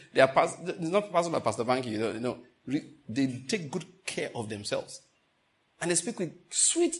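Male Nigerian pastor, Enugu accent, slightly high voice, animated sermon storyteller. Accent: Nigerian English, Enugu. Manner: animated storytelling with laughter and mock outrage.

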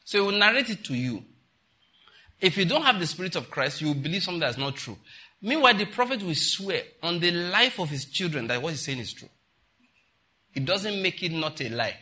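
A man's voice: sits high, very animated, brisk, bright, forceful tone. A man preaching a sermon as a pastor, scolding and mocking, repeating phrases for effect.

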